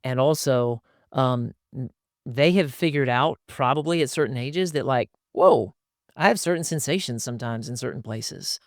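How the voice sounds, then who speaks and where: Middle-aged male podcast co-host; lively storyteller who acts out both sides of family talks, smooth tone, dry studio sound. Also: moderate pace, dry recording. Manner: animated, acts out dialogue with his sons in a higher voice. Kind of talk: casual podcast conversation.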